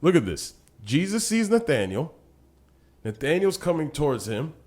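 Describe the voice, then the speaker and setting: A man co-hosting a podcast, casually teaching through a Bible passage and often checking in with "right?", growing animated as he retells the scenes. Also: a little high, normal speed. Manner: gets animated when retelling scripture. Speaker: podcast co-host.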